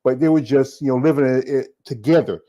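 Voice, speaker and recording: A man hosting a podcast in casual chat, joking and halting, often repeating words. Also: medium pitch, a crowd in the background, rough recording. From Southern United States. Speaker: podcast host.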